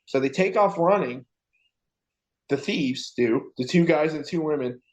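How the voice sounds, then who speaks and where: A podcast co-host with a slightly high, unhurried voice tells a story in casual chat. He swears a lot and animatedly acts out the voices of the people he's quoting.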